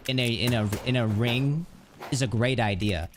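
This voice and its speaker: A man's voice: medium pitch, normal speed. A man live streaming in casual chat, rambling and stringing thoughts together with constant fillers. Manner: rambling, heavy use of "like" fillers. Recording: music playing underneath.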